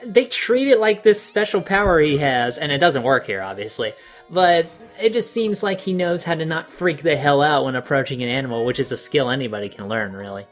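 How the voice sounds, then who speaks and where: A man's voice: on the high side, expressive, a little fast, fairly bright tone, faint music behind. A man in casual gaming chat with wry, self-deprecating humor, commentating a puzzle game. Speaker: let's play commentator.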